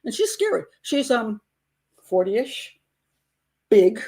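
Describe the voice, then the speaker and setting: A woman's voice: a little high, very animated, slow, warm tone, husky. Grandmother host telling an indignant story. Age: older. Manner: indignant storytelling, wry laughs. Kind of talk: casual livestream chat.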